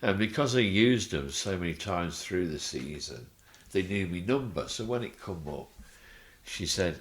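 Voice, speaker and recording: An older man, a guest telling an animated story and acting out the voices in it. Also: deep voice, normal speed. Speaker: interview guest. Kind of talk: anecdotal storytelling.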